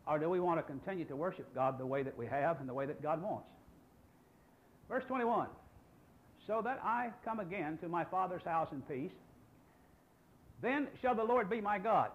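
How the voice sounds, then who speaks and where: Older male pastor in his 60s, high animated voice, emphatic sermon delivery, muffled lo-fi recording. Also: moderate pace, pauses often, slight background noise. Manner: emphatic preaching with rhetorical questions.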